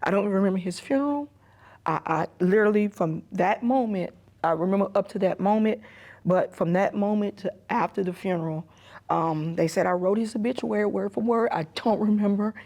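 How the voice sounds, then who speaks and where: A middle-aged woman recounting a personal story in a documentary interview, her voice set at an ordinary middle pitch. She speaks haltingly, repeating herself, and often drops to a hushed near-whisper. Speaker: emergency room nurse and grieving mother.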